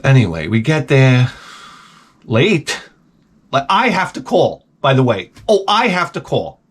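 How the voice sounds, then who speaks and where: A man's voice: medium pitch, unhurried, slightly rough. New guy in his 40s ranting, voice jumps all over, swears a lot, keeps repeating himself. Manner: animated, profane, repeats himself. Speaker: vlogger. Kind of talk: casual storytelling rant.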